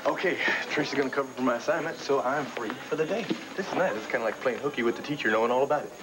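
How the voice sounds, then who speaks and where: A breezy young man who jokes and teases his friends, as an actor plays him. His voice sits mid-range. Clear hiss from an old broadcast tape runs underneath. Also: medium pitch, rapid-fire, lightly acted. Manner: teasing, playful. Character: joking young radio station porter. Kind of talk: 1980s soap opera acting.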